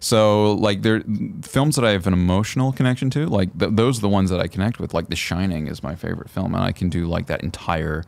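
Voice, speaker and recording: A man's voice: sits low, fairly quick, gravelly, few pauses, darkish tone, no echo. A man, a guest actor chatting casually in an easygoing, rambling way. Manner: easygoing, rambling with many fillers. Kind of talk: casual chat.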